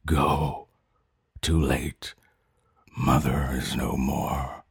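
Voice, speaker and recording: A man voicing a huge, dying female alien beast who speaks in a hoarse, groaning voice. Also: rumbling low, flat delivery, extremely slow, dry recording, studio quality, pitched below the performer's own voice, heavily acted. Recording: music playing behind.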